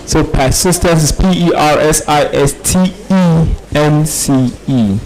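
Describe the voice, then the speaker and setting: A middle-aged man calling out words and giving feedback at a spelling contest, speaking slowly with many ums. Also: fairly high pitch, a little mellow, low-quality recording. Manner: hesitant speech with many ums. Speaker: spelling contest pronouncer and judge. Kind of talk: reading out words, then closing remarks.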